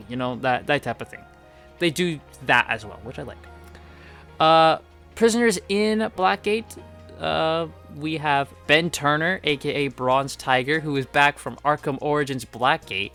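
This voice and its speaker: A man's voice: on the high side, a little slow, fairly bright tone, faint music behind. A man giving casual, enthusiastic video game commentary, rambling with lots of fillers. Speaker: gaming video creator.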